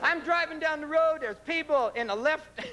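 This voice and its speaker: A man with a very high voice does a stand-up comedy set at normal speed in a large concert venue, talking brashly and ranting with profanity. It's a muffled live concert tape with crowd noise and a laughing crowd.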